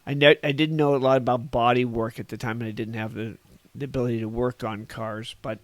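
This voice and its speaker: A man's voice: medium pitch, fairly even intonation, brisk, no echo. A man in his sixties from Northern California, a podcast guest telling old stories in a rambling, folksy way and chuckling at his own tales. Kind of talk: casual reminiscing storytelling.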